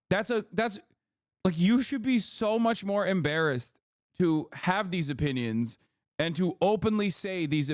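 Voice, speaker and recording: A male streamer talking into a close mic in a dry, dead space. He rants with profane outrage and biting sarcasm. His voice sits a little higher than most men's. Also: dry recording. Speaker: streamer reacting to a video. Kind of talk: casual livestream commentary.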